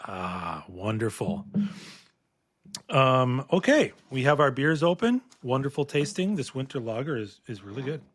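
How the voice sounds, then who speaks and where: A man co-hosting a casual beer-tasting podcast, talking in a relaxed, rambling way with fillers and restarts. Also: medium pitch, unhurried, no echo. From Minnesota. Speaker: podcast co-host. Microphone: podcast microphone.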